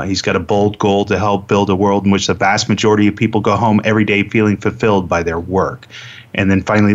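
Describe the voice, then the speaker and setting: A male radio host who speaks in a somewhat low voice and rambles through his points, circling back with fillers and repeated words. The audio is dull and lo-fi, like an older radio broadcast. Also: fairly bright tone. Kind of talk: casual talk radio interview. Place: radio show.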